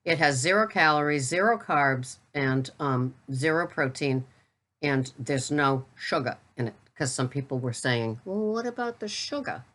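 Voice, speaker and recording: A middle-aged woman with a Boston accent talks casually to her viewers about groceries. Her voice sits low. She is chatty and blunt, with a teasing edge. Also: measured pace, a bit bright. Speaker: keto vlogger. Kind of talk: casual product talk to camera.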